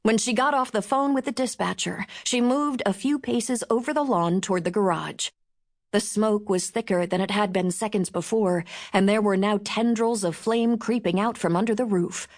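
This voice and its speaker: In scripted narration of a novel, a female audiobook narrator uses her mid-range voice to tell the story in a measured, expressive way.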